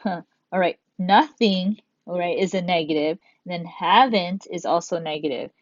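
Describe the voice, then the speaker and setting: A woman's voice: on the low side, a little slow, dry recording. A woman teacher giving a recorded grammar lesson, patiently explaining step by step and reading examples aloud. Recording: dull, dry lo-fi sound.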